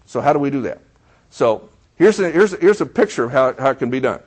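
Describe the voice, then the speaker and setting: A man's voice: medium pitch, expressive, quick pace. A middle-aged man preaching a sermon, telling a story and acting out the dialogue while asking the congregation questions. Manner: storytelling, acts out quoted dialogue. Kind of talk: sermon illustration.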